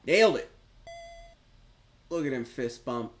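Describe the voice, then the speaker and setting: A man's voice: mid-range voice, measured pace, faint music behind. A man hosting a live stream, cheering and chatting to viewers as he plays a retro quiz game. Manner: excitable, cheers and chats to viewers. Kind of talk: live gameplay commentary.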